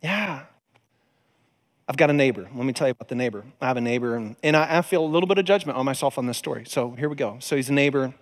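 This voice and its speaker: A man's voice: medium pitch, racing, few pauses. A man preaching in a conversational, storytelling way, acting out the voices in his stories. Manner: animated, conversational, acts out voices in quotes. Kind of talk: storytelling sermon. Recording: long hall reverb.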